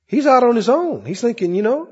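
A man's voice: very high-pitched, sing-song, fairly quick, a little mellow, husky, long reverb tail, dull audio. A male pastor preaching a sermon in a church, acting out the voices of Bible figures as he goes.

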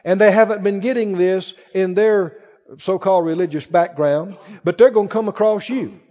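A man's voice: high-pitched, normal speed, warm tone, big-room sound, lo-fi sound. A man preaching a sermon to a congregation, reading scripture aloud with rising, fervent emphasis and asking the crowd questions. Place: church with congregation.

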